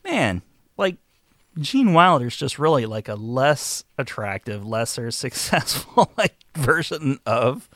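Casual male podcast co-host, lively pitch, salty jokes, dry booth sound. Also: takes it slowly, dry recording. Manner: animated, swearing, swings between loud jokes and mumbling asides. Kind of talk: casual movie-review chat.

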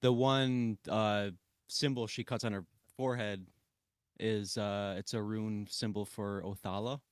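Low-voiced man chiming in on a podcast. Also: steady tone, clear, resonant tone, no echo, studio quality. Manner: brief interjections, quick agreeing remarks. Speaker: podcast co-host. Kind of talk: casual film review chat.

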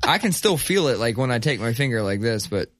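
A man's voice: mid-range voice, sing-song, a little fast, a bit bright, a little hiss or hum. A young adult man hosting a podcast, telling stories in a casual, profane, laid-back way and laughing as he goes. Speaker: podcast host. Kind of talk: casual storytelling chat.

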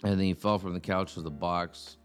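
A young adult man in a casual podcast chat, an animated storyteller who slips into squeaky toddler imitations. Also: brisk, faint music behind. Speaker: podcast co-host.

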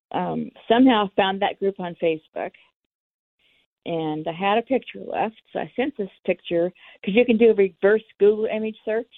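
Low, gravelly woman on a phone line. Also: dry recording. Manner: candid, acts out the dialogue. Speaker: interviewee. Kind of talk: personal storytelling. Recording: tinny phone line, dry.

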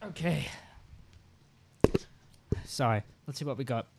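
A man's voice: mid-range voice, lively intonation, slow pace, gravelly, heavy background noise. Chatty, jokey man running a party game.

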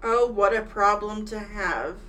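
A woman's voice: medium pitch, unhurried, a bit bright, slight background noise. A woman in her thirties co-hosting a casual chat, blunt and full of wry quips. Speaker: podcast co-host.

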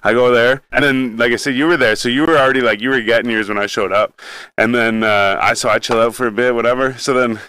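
A man's voice: medium pitch, fairly even intonation, fast, bright, forceful tone, clean tone. A young man hosting a casual podcast chat, telling a story in a laid-back, rambling way with lots of swearing.

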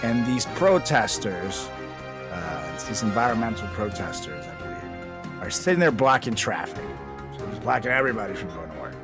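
A young man co-hosting a podcast in casual, jokey chat, often trailing off quietly. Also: fairly low pitch, expressive, normal speed, music in the background. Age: young adult. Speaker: podcast co-host.

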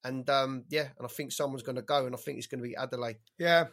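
A man giving a measured, enthusiastic boxing prediction in casual chat. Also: mid-range voice, steady tone, fairly bright tone. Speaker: boxing pundit.

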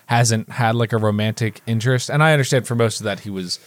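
A man co-hosting a casual chat, rambling and animated, with quick asides and restarts. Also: lowish voice. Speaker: podcast co-host.

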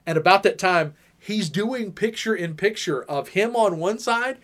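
A man co-hosting a podcast, telling stories in a lively, casual way and acting out the people he quotes. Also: sits high, moderate pace, few pauses. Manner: animated, acts out quoted voices, laughs often. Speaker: podcast co-host. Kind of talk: casual storytelling chat.

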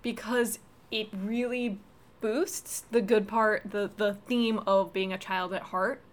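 A woman talking in an easy, casual way about an old film, her voice mid-pitched. She sounds thoughtful and builds on her co-host's points. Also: fairly even intonation, slow pace. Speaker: podcast co-host. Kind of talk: casual movie review chat.

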